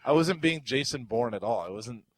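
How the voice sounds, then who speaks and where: A young man co-hosting a podcast, telling a story in casual chat and acting out the quotes with loud, rising outbursts. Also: medium pitch, lively intonation, moderate pace, poor audio. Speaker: podcast co-host.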